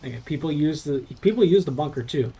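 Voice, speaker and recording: A man's voice: fairly high pitch, animated, quick pace, dark tone, husky. A young man from Southern California streaming a game, chatting casually in a loose, profane, rambling way. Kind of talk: casual live-stream chat while playing.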